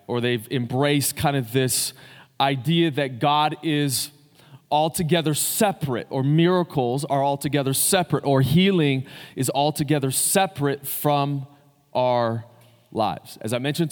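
A male pastor preaching to a congregation in a loose, conversational way, pausing on fillers and restarting sentences. His mid-pitched voice carries a long reverb tail from the church hall around him. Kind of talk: sermon. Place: church sanctuary.

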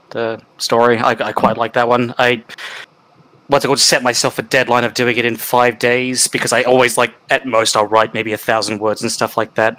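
A man who is a guest on a podcast, chatting casually and answering with deadpan, absurd jokes. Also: medium pitch, poor audio. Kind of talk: casual chat.

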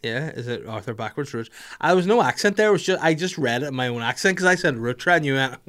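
A man's voice: mid-range voice, expressive, quick pace, fairly bright tone. Guy, middle-aged, messing about on a live chat, laughs a lot, swears. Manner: playful, jokey, laughs often, sweary.

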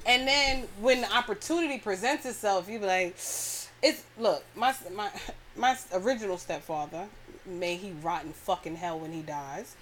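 A woman's voice: mid-range voice, moderate pace, slight background noise. A woman, co-hosting a podcast in casual, blunt, profane banter. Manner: blunt, animated, profane storytelling. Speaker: podcast co-host.

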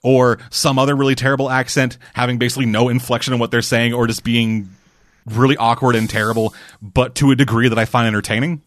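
Fast-talking man in casual gaming chat. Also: medium pitch, level tone, a bit bright, dry recording, studio quality. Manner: rambling, swears freely, many restarts and fillers. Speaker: podcast co-host.

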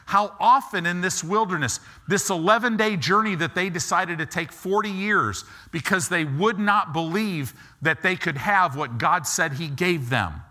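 A middle-aged man preaching a sermon, animated and acting out quick asides as he talks. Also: sits high. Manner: animated, acts out God and people in quick asides.

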